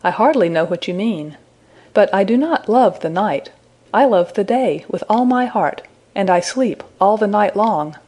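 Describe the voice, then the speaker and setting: A woman voicing a gentle, soothing young woman. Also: mid-range voice, lively intonation, a little slow. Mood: tender. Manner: soft, soothing and wondering. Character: innocent gentle young woman, tender and motherly. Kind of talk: storybook reading.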